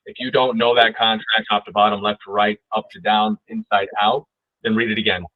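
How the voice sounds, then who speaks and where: A man's voice: fairly low pitch, level tone, fairly quick, no echo. A man teaching real estate agents in a training webinar over a video call, talking emphatically and often asking "right?". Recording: tinny phone-like dry audio.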